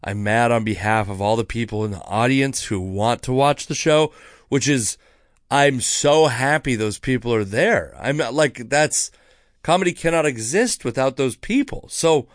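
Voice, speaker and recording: A man's voice: medium pitch, unhurried, dry recording, clean studio sound. A man hosting his own podcast, casually telling a story about a heckler with lots of swearing. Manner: profane, animated storytelling. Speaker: podcast host, comedian.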